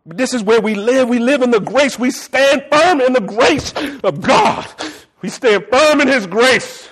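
A man preaching a sermon with impassioned, at times shouting delivery. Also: extremely high pitch, measured pace. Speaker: pastor.

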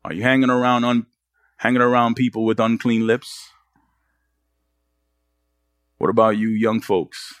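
Man, pastor, sermon, earnest, rhetorical questions, mid-pitched voice, dry sound. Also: flat delivery, a little slow, long pauses, no echo.

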